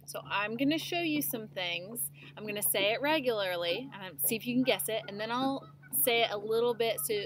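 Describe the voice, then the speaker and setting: A woman teaching young children the beginning sounds of words, slowly sounding out each letter and praising them. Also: fairly high pitch, rough recording. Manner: slow, encouraging, sounds out letters. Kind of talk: phonics lesson for young children.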